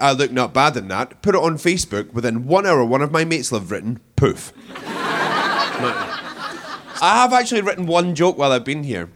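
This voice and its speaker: A young Scottish man doing a cheeky stand-up routine on a comedy club stage. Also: background noise. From Scotland. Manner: cheeky, punchy delivery with shrill put-on women's voices.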